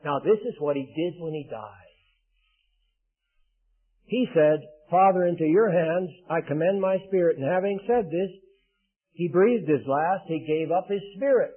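Older man, preacher, earnest and emphatic, high voice, thin phone-like recording. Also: lively intonation, a little slow, breathy edge. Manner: earnest, emphatic, rising to loud declarations. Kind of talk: sermon. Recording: tinny phone-like band.

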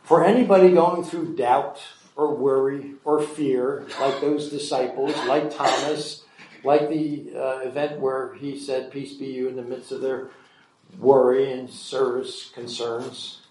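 A man's voice: medium pitch, steady tone, a little slow, a little mellow, a little hiss or hum. A man preaching a sermon, reading scripture verses aloud and then explaining them in a conversational way. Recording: echoey room.

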